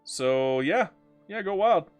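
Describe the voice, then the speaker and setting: Sitting high in pitch, the streamer's animated voice moves slowly over soft background music. While playing a strategy game live, he chats and jokes, reads viewers' comments aloud, and breaks into goofy mock voices.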